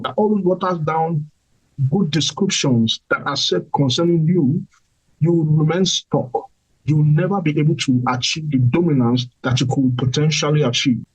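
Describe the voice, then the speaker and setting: Young male host, motivational preacher delivery, emphatic and repetitive, slightly high and husky. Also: poor audio. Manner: emphatic, repeats key phrases. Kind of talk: motivational sermon-style talk.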